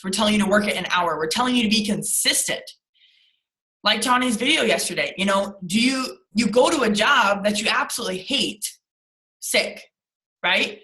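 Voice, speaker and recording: A woman's voice: a little high, a bit bright, echoey room, low-quality recording. A young adult woman leading a motivational team call on a video call, speaking emphatically and repeating lines for stress. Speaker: team leader.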